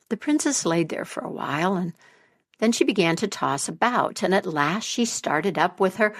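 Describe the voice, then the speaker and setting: A woman telling a folk tale as a podcast storyteller, slow and expressive. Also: fairly low pitch.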